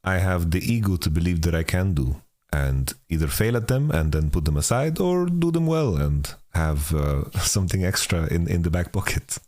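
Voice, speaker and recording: Deep-voiced man hosting a casual chat. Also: animated, a little mellow. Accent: international mixed accent. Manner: laughs often, halting restarts. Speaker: podcast host. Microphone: home studio microphone.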